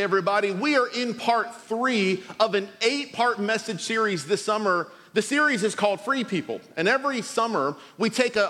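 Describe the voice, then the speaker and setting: A man's voice: high voice, fairly bright tone, in a large hall. A man preaching a sermon as pastor, talking in a conversational way and telling stories with humor.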